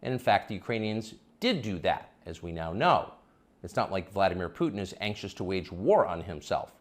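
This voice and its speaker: A man's voice: low-pitched, sing-song, normal speed. A middle-aged male commentator delivering a sarcastic, emphatic opinion monologue.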